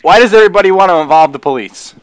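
A man's voice: sits high, lively intonation, rapid-fire, a little hiss or hum. A man hosting prank calls, bossing his friends around with profane jokes. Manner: bossy, profane joking. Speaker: prank call host. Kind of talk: casual banter.

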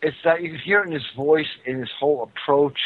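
A man's voice: a little high, fast, no echo. A man hosting a call-in talk radio show, blunt and mocking as he lectures the callers. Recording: narrow phone-like radio sound.

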